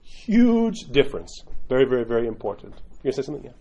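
A man's voice: medium pitch, steady tone, rapid-fire, gravelly, mellow, lo-fi sound. A man who is an Orthodox priest, teaching in a loose conversational way and often checking in with "right?". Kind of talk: informal teaching talk.

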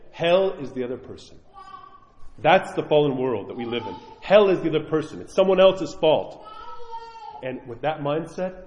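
A man, a priest, preaching a sermon to his congregation, earnest and pleading, swinging between loud emphasis and soft asides. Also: a little high, a little hiss or hum. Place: church. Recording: echoey church hall, dull sound.

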